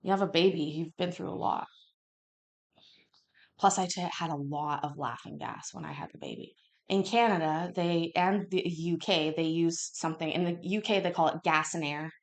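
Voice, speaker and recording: Brief: female stream host, chatty and rambling, lowish voice. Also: animated, moderate pace. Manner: rambling, chatty, acts out quotes. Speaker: channel host. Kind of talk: casual chat with viewers. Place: home kitchen.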